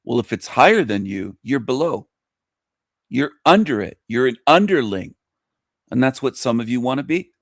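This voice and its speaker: A man's voice: medium pitch, very animated, moderate pace, no room sound, clean studio sound. A male radio host delivering a scornful, mocking monologue to his listeners. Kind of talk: ranting monologue commentary.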